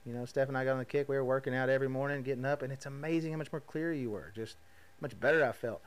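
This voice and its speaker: Podcast host, male, 30s, casual and animated, plays the voices in his own stories. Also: mid-range voice, very fast. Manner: animated, acts out quoted voices, laughs at himself. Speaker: podcast host, rodeo roper. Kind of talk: casual storytelling monologue.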